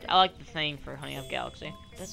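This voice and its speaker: A man's voice: medium pitch, fast, creaky, music in the background. A young man doing rambling let's play commentary on a headset mic, cracking puns and jokes as he goes. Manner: rambling, jokey, making puns and goofy voices. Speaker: gaming channel host.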